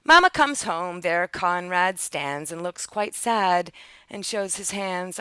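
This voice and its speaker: A woman reads old rhyming children's tales aloud with a bright, crisp voice. She leaps up high and loud whenever a character cries out. The sound is close and dry, with no room around it. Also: unhurried, no echo. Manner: lively storybook reading, jumping high and loud for quoted cries. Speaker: storyteller. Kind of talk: reading aloud a rhyming children's picture book.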